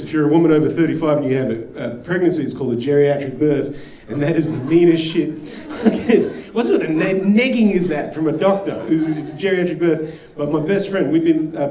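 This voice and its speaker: A man from Australia doing stand-up with a slightly raised pitch, blunt and self-mocking as he acts out his inner thoughts. He sounds distant from the mic in a roomy club. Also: mellow. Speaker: stand-up comedian. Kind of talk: stand-up routine. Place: comedy club stage. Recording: echoey distant stage sound.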